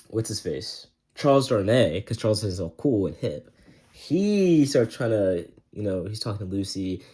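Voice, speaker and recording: A young man casually retelling a novel's plot in a slangy, rambling way, often slipping into quick quoted voices for the characters. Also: fairly low pitch, darkish tone. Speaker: book reviewer. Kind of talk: casual book summary.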